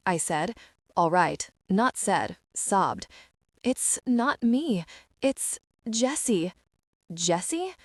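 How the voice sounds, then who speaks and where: A woman's voice: mid-range voice, darkish tone, no room sound, studio quality. A young woman reading a first-person young adult audiobook in a wry, confiding and emotional way. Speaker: audiobook narrator.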